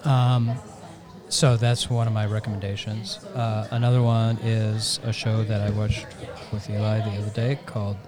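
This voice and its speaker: Halting man chatting on a podcast. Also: lowish voice, level tone, music in the background. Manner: halting, restarting sentences. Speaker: podcast co-host. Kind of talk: casual chat.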